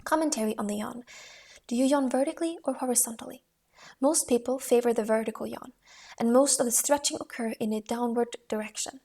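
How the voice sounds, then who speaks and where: A woman with a somewhat high voice reads aloud from a voice-training book. Her delivery is calm and measured, though she restarts now and then.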